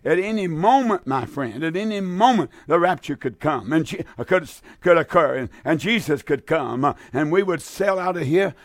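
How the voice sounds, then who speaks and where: A man's voice: fairly high pitch, normal speed, few pauses, no room sound. Fervent preacher man, dry close mic. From American South. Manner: fervent, excitable, repeats and stumbles over words. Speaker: radio preacher. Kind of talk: radio sermon.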